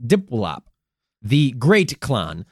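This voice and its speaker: A man's voice: medium pitch, huge pitch swings, slow pace, husky, no echo. A playful, foul-mouthed man hosting a comedy podcast about history. His voice swings widely up and down as he jokes. The sound is dry and close, with no room around it. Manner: crude, profane, playful narration with silly vocal asides. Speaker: podcast co-host.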